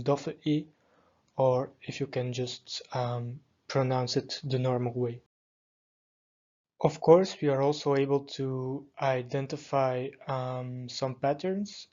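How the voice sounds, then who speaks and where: Man, mid-pitched voice, language lesson, calm methodical explanation, slightly dull audio. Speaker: language teacher. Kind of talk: explaining pronunciation in a lesson video.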